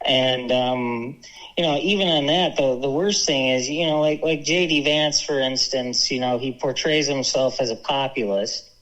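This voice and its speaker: A man's voice: mid-range voice, normal speed, fairly bright tone. A man talking politics on a radio show, hesitant and full of ums and restarts. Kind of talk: casual political talk. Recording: dull lo-fi sound.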